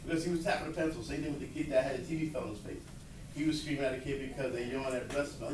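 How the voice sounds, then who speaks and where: A man giving a lively talk to educators about students with ADHD, acting out what kids say, recorded from far off in an echoey, noisy room. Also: medium pitch. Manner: fast, animated, acts out quotes. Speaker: speaker at a workshop on students with ADHD.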